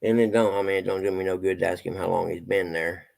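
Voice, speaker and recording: Gravelly folksy man, a bit winded. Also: deep voice, steady tone, fast, darkish tone, poor audio. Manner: folksy, talks to his pets and chat viewers. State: out of breath. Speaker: livestreamer. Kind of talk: casual livestream chat.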